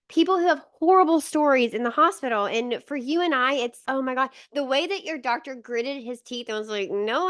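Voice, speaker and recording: A woman hosts a casual podcast interview, quick to laugh and to play out jokes in little quoted voices. Her voice sits high and clear. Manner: warm, playful, laughs along, jokes in put-on voices. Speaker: podcast host.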